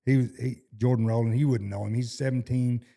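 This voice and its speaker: With a mid-range, dark voice and fairly even intonation, a middle-aged Texan horseshoer talks briskly through cowboy stories in an easygoing interview. He rambles and starts his sentences over in a folksy manner, his Texan accent evident.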